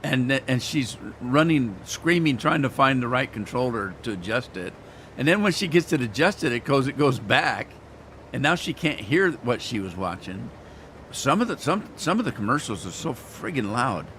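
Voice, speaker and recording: A man's voice: mid-range voice, very animated, moderate pace, a bit bright, a little hiss or hum. A man hosting a gaming channel, chatting casually and rambling in a folksy way while he plays. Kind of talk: casual let's-play commentary.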